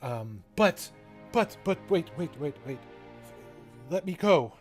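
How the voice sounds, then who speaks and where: Tabletop game: man voicing a scared male elf deserter, shaky stammer, pushed up high. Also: sing-song, slow, soft background music. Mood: pleading, terrified.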